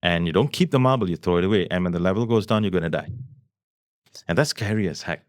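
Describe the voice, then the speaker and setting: A man's voice: low voice, fast, no room sound, clean studio sound. A man, a business coach guest on a podcast, telling stories animatedly, laughing often and repeating key phrases. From Malaysia. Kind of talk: podcast conversation.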